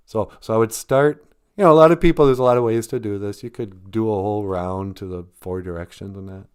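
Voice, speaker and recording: A man's voice: lowish voice, brisk, darkish tone, clean tone. An older man hosting a casual live stream about Ojibwe, rambling and joking, often breaking into laughs. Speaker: host teaching Ojibwe.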